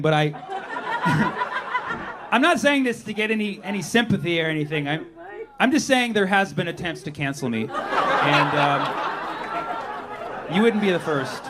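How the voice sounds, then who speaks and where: A man doing a stand-up comedy set on a club stage, riffing with the audience and punching up his lines. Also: high-pitched. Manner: conversational, riffing with the crowd, loud punchlines. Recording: live club recording with crowd noise and laughter.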